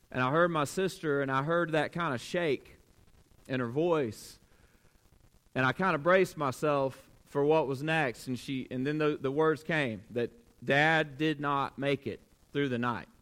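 A man preaching a sermon as pastor, telling a personal story in an earnest way that moves from hushed, quiet lines to emphatic, raised ones. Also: on the high side.

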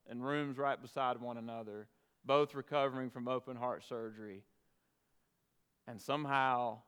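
Pastor, male, smooth clear voice, earnest storytelling sermon with pauses, big reverberant room. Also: medium pitch, a bit bright. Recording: long reverb of a large hall.

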